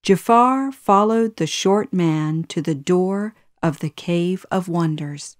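A woman narrating a children's storybook in a clear, measured way. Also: fairly low pitch, no echo, clean studio sound. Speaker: audiobook narrator. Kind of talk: scripted storybook narration for learners.

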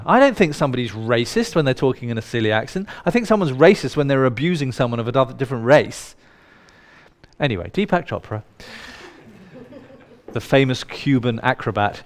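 A man leads a live workshop, talking straight to the people in the room. His delivery is playful and irreverent, with casual swearing mixed in, and his voice sits at an ordinary middle pitch. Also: sing-song, normal speed. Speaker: workshop leader. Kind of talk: live workshop talk to an audience.

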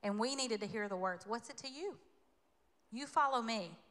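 A woman from the American South preaching a sermon in a church, conversational and animated, with playful asides. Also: on the high side, normal speed. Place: church sanctuary. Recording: long hall reverb.

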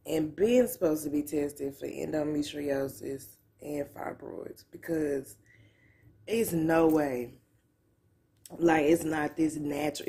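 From the couch at home, a woman records a casual vlog in a low-pitched, slightly mellow voice. She is in pain and close to tears but talks candidly and loosely, swearing and drawling in her own way.

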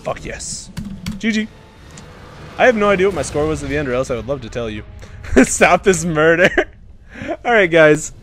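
A young man giving live commentary over his own gameplay, excitable and swearing, breaking into loud bursts. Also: a little high, normal speed, pauses often, soft background music. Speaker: gaming commentator.

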